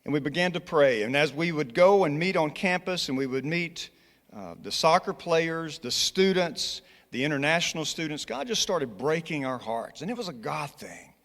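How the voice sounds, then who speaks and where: A man's voice: on the high side, lively intonation, normal speed, a bit bright. A man with a Scottish accent, a college's church relations director, earnestly urging a congregation and telling personal stories with frequent restarts. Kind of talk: church presentation with personal story. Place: church sanctuary. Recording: long reverb in a large church hall.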